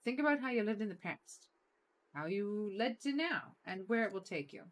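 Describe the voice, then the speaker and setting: A woman reading the lines of a wise old man in a video game, calm and measured as he gives advice. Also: medium pitch, natural voice.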